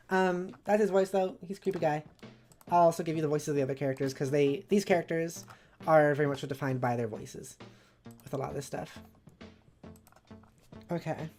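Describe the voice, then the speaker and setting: A woman with a fairly low, darkish voice chats casually on a live stream. Her talk wanders, jumping between thoughts as she goes.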